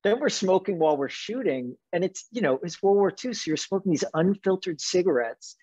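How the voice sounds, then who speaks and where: Husky, higher-voiced man on dull audio. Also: expressive, brisk, darkish tone, no room sound. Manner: wry, self-mocking. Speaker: actor guest. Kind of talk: casual anecdote. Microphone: video call.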